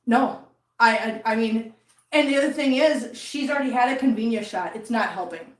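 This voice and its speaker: A woman's voice: fairly high pitch, moderate pace. A woman chatting earnestly to her viewers and cats while she cleans up at home. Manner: earnest, baby talk to cats. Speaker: cat channel vlogger. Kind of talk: casual chat while cleaning. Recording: echoey room, from a distance.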